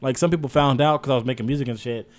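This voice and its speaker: Fast-talking young man, profane. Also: mid-range voice. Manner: rapid, profane, animated rambling. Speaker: co-host reviewing music. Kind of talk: casual livestream chat.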